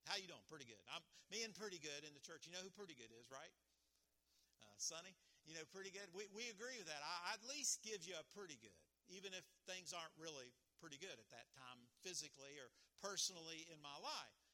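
A man preaching a sermon as pastor, animated and emphatic, often restarting his phrases. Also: a little high, brisk.

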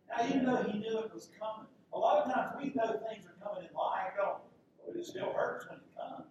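A man preaching a sermon dramatically, swinging between loud declarations and hushed whispers. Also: highs cut off. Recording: echoey room from far off, faint rumble.

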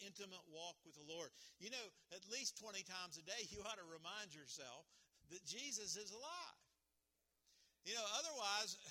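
A man preaching a sermon as pastor, animated and emphatic, often restarting his phrases. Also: sits high.

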